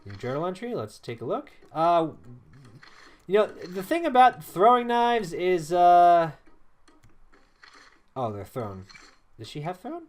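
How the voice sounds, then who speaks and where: A man's voice: high voice, very animated, slow pace, pauses often, darkish tone. A man commentating casually over a role-playing game, chatty and self-correcting, humming and scatting to himself between remarks. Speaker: let's play host.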